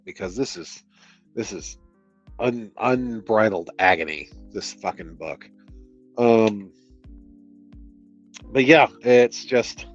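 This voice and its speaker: An exasperated man reading a novel aloud on a stream, pausing for sardonic, profane rants about the book. His voice sits low, and the audio is dull and lo-fi with faint music underneath. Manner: exasperated, sardonic, swears freely. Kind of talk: book reading with casual commentary.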